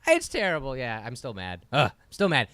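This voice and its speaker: Ranting man, resonant and very animated. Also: mid-range voice, normal speed, no echo. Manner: exasperated, swearing, ranting. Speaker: podcast co-host. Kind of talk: casual comedic rant.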